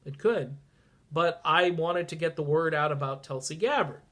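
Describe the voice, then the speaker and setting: A man's voice: fairly high pitch, moderate pace, pushed and bright. A man with a congested, stuffy voice, talking casually and sarcastically on a political vlog, swinging from mutters to sudden outbursts. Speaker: political vlogger.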